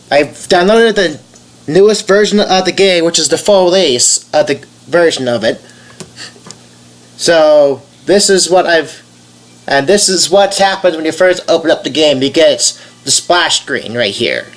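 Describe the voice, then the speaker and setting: Young male YouTuber, nasal, high-ish voice, unhurried, hesitant commentary with lots of ums. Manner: hesitant, many fillers and restarts. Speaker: game voice-over YouTuber. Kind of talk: casual rambling commentary.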